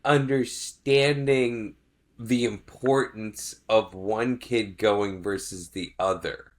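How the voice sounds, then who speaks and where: A middle-aged man co-hosting a dad podcast, talking in a measured, reflective way in casual chat. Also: lowish voice, fairly even intonation. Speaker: podcast co-host.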